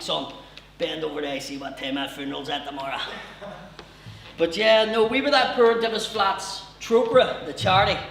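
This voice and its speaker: Belfast comedian in a roomy club. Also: male voice, a little high, fairly bright tone, a little hiss or hum. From Belfast, Northern Ireland. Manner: chatty joke-telling with quick asides to the crowd. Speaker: stand-up comedian. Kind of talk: stand-up comedy set. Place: live comedy venue with audience. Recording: roomy live venue, distant mic, faint ambience.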